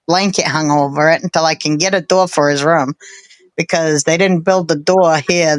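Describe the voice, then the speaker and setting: A woman's voice: on the low side, no room sound. Chatty woman in her forties. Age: 40s. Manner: chatty, rambling, laughs often. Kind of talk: casual live stream chat.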